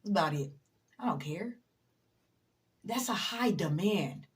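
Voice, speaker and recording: Speaking directly to the camera, a motivational vlogger delivers a casual pep talk in a fairly low, animated voice, taking her time and pausing often. She's blunt and emphatic, swears freely, lectures the viewer head-on, and sounds a little tired.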